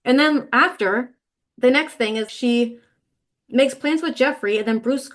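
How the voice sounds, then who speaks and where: A woman's voice: high-pitched, measured pace. Chatty woman podcast host recapping. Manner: recaps plot with quoted lines, lots of "like". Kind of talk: casual book-recap chat.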